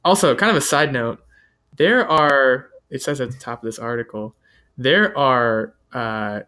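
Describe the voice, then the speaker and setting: Male host, easygoing, filler-heavy, reading notes aloud, middle pitch. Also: a little slow, smooth. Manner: relaxed, lots of fillers, reading from an article. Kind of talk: casual chat about upcoming movies.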